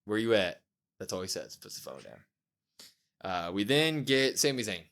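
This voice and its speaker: A man's voice: on the low side, normal speed, creaky. A man co-hosting a casual wrestling review podcast, recapping the show and acting out what the wrestlers said. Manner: animated retelling, acts out wrestlers' lines. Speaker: podcast co-host.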